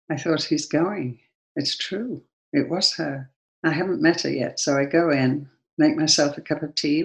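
Gravelly-voiced Englishwoman telling a story. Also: low voice, lo-fi sound. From England. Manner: earnest, lively storyteller. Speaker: guest. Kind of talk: personal storytelling and prayer.

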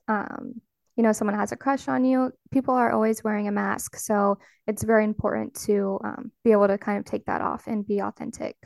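A woman's voice: mid-range voice, vocal fry, dry recording, clean studio sound. A woman hosting a casual podcast chat, encouraging and speaking straight to her listeners. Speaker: podcast host.

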